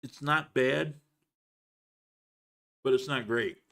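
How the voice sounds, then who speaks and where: A man's voice: mid-range voice, slow pace, gravelly, a bit bright. A man hosting a casual livestream from home, chatting in a rambling way and sometimes talking while he eats. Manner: rambling, chatty, with frequent restarts; talks while eating. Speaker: livestream host. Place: home in Colombia.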